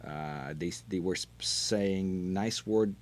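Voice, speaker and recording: Animated Italian-accented middle-aged man, low voice. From Italy. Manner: animated, laughing, halting non-native phrasing. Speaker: podcast guest, wine brand manager. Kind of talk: casual storytelling interview.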